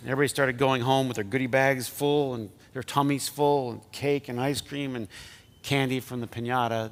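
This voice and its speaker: A male pastor giving a conversational sermon, now and then dropping to soft, near-whispered lines. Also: mid-range voice.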